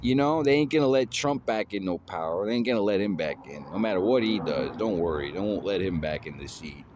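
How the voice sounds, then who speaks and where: A man's voice: deep voice, lively intonation, a little fast, dull audio, background noise. A man rambling in a casual monologue, drawling with lots of fillers like "you know" and "man".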